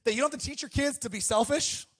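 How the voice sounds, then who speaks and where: High-voiced animated male pastor preaching. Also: quick pace, breathy edge. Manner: animated storytelling, calls to the congregation. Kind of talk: sermon.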